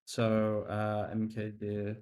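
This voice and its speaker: A man's voice: on the low side, completely flat delivery, slow, a little mellow, clear, resonant tone. A young man chatting casually on a live stream while coding, reading chat aloud, laughing and swearing now and then. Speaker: livestream host.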